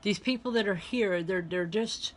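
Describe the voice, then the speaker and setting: A woman's voice: medium pitch, normal speed. A woman reverend working as a medium, giving a live online spiritual reading and talking chattily to viewers as she relays spirit messages.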